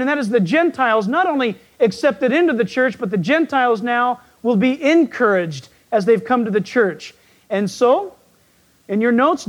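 A pastor with a very high, croaky, frog-like voice preaches a folksy sermon, joking and asking his listeners questions.

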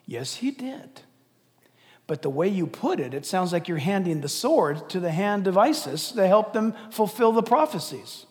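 A man preaching a sermon as pastor, impassioned, swinging from loud declaiming to hushed asides. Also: high-pitched, sing-song, moderate pace. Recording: long reverb of a large hall.

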